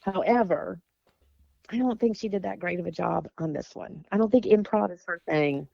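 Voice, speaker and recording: A woman's voice: lowish voice, creaky, no echo, lo-fi sound. A woman guesting on a podcast, chatting eagerly about a TV show and chiming in often. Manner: enthusiastic, agreeable, quick to chime in. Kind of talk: casual chat about a TV show.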